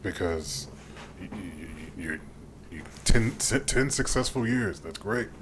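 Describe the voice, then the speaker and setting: A man's voice: on the low side, expressive, unhurried, fairly bright tone, a little hiss or hum. A man co-hosting a casual podcast chat, laid-back and given to stammering restarts. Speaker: podcast co-host.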